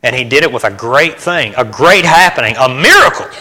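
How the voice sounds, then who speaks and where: A man preaching a sermon in a church, animated and asking the congregation rhetorical questions. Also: mid-range voice, fairly quick.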